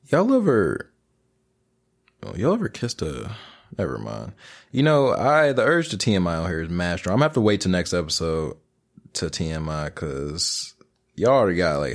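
Deep-voiced young man rambling on a podcast. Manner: rambling, crude, joking, slangy; breaks into silly freestyle rap bits. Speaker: podcast host. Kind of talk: casual solo podcast monologue.

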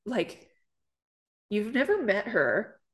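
A woman's voice: mid-range voice, sing-song, takes it slowly. Chatty young Canadian woman, casual podcast talk. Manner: chatty, lots of "like" and "um" fillers. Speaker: podcast co-host. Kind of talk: casual chat.

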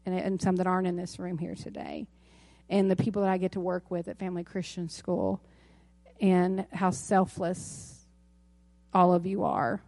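A woman's voice: medium pitch, a little mellow, no echo. A woman pastor in her thirties preaching a sermon to her congregation in a church, talking in a conversational way with asides and self-corrections. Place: church sanctuary.

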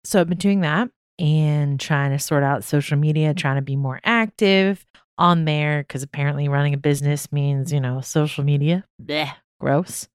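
A woman's voice: low-pitched, normal speed, clean tone, no echo, studio quality. A young woman hosting a casual podcast chat, bubbly and talkative, laughing easily. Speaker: podcast host.

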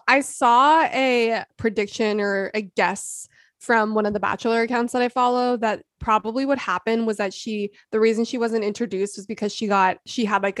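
A woman's voice: medium pitch, no room sound. Chatty woman co-host, dry close sound. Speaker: podcast co-host. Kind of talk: casual chat.

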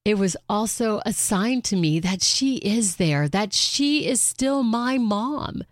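A middle-aged woman speaks from the heart in a reflective monologue, her voice a little low in pitch. The sound is close and dry, with no room around it. She talks earnestly and now and then puts on bright voices for quoted lines. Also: no echo. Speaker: caregiver sharing reflections.

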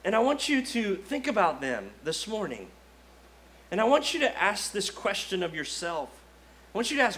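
Male pastor, higher voice, chatty lively sermon delivery that acts out the quotes. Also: moderate pace. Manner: conversational and lively, acting out quotes, frequent "like".

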